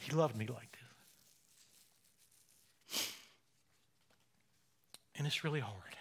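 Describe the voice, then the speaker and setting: This sixty-something man, a pastor, preaches with deep emotion at a medium pitch with a breathy edge. His delivery swings from almost-whispered passages to loud, fervent peaks, and he lingers slowly over important phrases.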